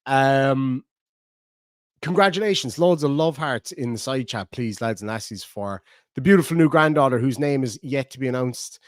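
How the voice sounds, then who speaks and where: A man's voice: medium pitch, animated, normal speed, no echo, clean studio sound. A middle-aged Irish man hosting a livestream, casually rambling and joking as he reads out viewer comments. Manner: rambling, jokey, chatty. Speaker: livestream host. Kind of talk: casual chat reading live comments.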